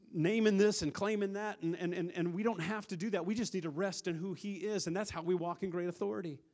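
Fairly high-voiced preaching pastor. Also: male voice. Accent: Upper Midwest American. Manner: earnest preaching that swells louder and softens to a hush; repeats words when restarting. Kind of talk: sermon.

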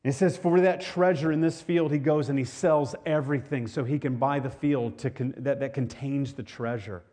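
A man's voice: mid-range voice, warm tone. A male pastor preaching a sermon to his congregation in a conversational way, often repeating words and asking the listeners questions.

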